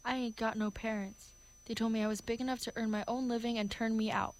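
A woman's voice: a little high, fairly even intonation, fast, natural voice. A woman reading the part of a defiant young flower girl with a Cockney accent, indignant and protesting. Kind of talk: amateur play reading.

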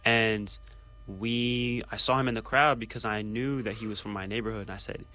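A man's voice: on the low side, steady tone, normal speed, sharp tone. A man from Washington Heights, New York, talking casually in a rambling way as a co-host. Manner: rambling, full of fillers. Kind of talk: casual podcast chat.

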